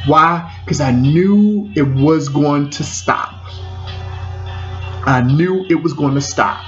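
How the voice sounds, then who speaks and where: A man in his forties, from the Washington DC area, speaks slowly in a voice on the high side while telling a personal story. He repeats phrases and stumbles through restarts. The sound is dull and lo-fi, with faint music.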